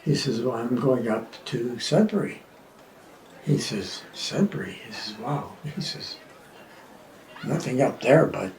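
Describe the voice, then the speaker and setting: Roomy far-off male joke-teller. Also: mid-range voice. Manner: animated storyteller, loud punchlines, drops to near-whispers for asides. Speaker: joke-telling comedian. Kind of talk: telling jokes to an audience. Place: outdoor street performance. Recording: roomy, from a distance with ambient noise.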